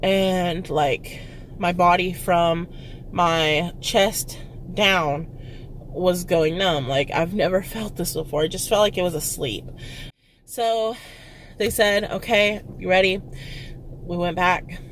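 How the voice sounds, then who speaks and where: A young woman from Texas, a vlogger, telling a personal story with halting fillers and nervous laughs, close to tears. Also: lowish voice, a little hiss or hum. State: tearful, close to crying.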